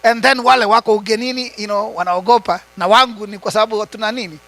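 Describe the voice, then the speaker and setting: A man giving a high-voiced motivational talk. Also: steady tone, quick pace, bright, forceful tone, poor audio. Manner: switches between English and Swahili, asks the audience rhetorical questions. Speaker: retreat speaker.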